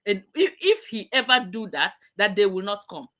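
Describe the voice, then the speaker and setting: With a medium-pitched, somewhat bright voice full of big pitch swings, a middle-aged woman speaks at a moderate pace. She is the host of an emotional live-stream talk, preaching fervently and repeating herself.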